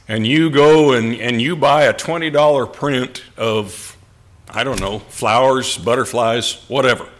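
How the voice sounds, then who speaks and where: A male preacher delivers a sermon in a measured, deliberate way, pausing to let points land. His voice sits in an ordinary middle pitch. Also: fairly bright tone. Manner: slow, deliberate delivery with pauses for emphasis.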